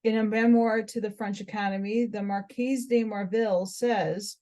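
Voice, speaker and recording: An American woman reads an old esoteric text aloud at a steady mid pitch. She trips over unfamiliar words and restarts them before carrying on. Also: moderate pace. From United States. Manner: stumbles over hard words, breaks off to comment. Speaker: reader. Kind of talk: reading a book aloud.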